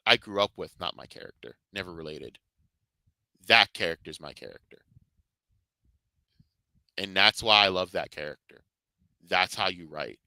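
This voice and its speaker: A man's voice: fairly low pitch, sharp tone, clear, resonant tone, no room sound, rough recording. A man reviewing games and shows in casual commentary, rambling and fervent, swearing heavily. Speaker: video game and Star Wars reviewer.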